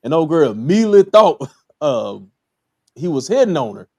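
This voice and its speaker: A man's voice: a little high, big pitch swings, moderate pace, warm tone, breathy edge, no echo. A laid-back man with a Southern US accent runs a casual episode review, his voice rising and falling a lot as he talks. He leans on fillers and laughs at his own remarks. The sound is close and dry, with no room around it. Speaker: podcast host reviewing a TV episode.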